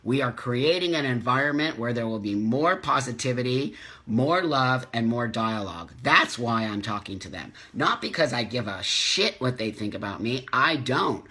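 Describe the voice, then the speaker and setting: Impassioned middle-aged man, husky voice. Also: medium pitch, lively intonation, normal speed, bright, forceful tone. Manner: impassioned, emphatic repetition. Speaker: host. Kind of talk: live stream chat, reading comments.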